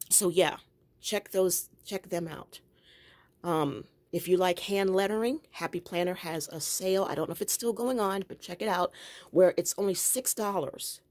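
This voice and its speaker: A woman's voice: fairly low pitch, darkish tone. A woman giving a chatty, rambling tour of her home craft room, often breaking into laughter. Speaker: planner and journaling vlogger.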